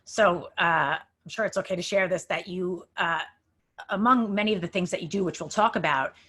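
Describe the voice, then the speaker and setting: A woman's voice: on the low side, moderate pace, fairly bright tone, slightly rough. A woman hosting an interview, enthusiastic, laughing a lot and cheering her guest on. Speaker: podcast host. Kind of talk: casual interview chat.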